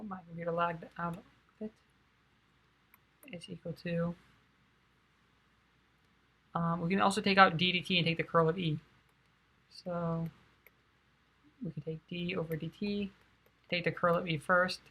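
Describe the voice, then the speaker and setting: A tired young woman quietly working through a physics derivation, thinking aloud in a soft, low-key way with many fillers. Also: fairly even intonation, measured pace, long pauses. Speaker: physics tutor.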